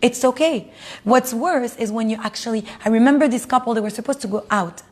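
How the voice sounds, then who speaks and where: Mulher animada ensinando uma turma, com sotaque israelense, voz aguda. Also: female voice, a little fast. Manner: animated, acts out quoted spouses in higher voices, laughs often. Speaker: Torah class teacher. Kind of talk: lively class talk to a live audience.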